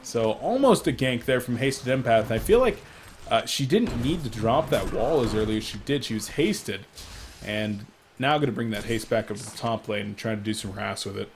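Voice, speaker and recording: A man casting a live esports match, excitable and jokey, quick to laugh at his own puns. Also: mid-range voice, slight background noise. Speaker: esports caster. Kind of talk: live game commentary.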